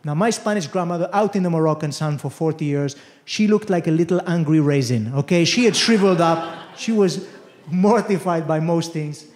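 A man's voice: on the high side, normal speed, darkish tone. A man performing a stand-up comedy set, telling a story animatedly and acting out the voices of the people in it. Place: comedy venue with audience laughter. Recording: roomy hall echo.

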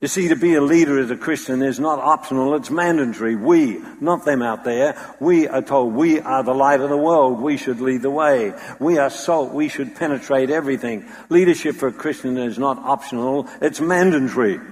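A man's voice: mid-range voice, normal speed. A man preaching a sermon with dramatic storytelling, acting out the voices he quotes. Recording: long hall reverb.

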